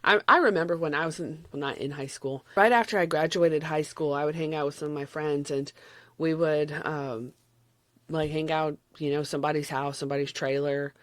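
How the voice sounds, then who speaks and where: A woman's voice: low voice, steady tone, a little fast, no echo. Rambling Southern woman reviewing a movie. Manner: rambling, candid, chuckles often. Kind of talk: casual spoken movie review.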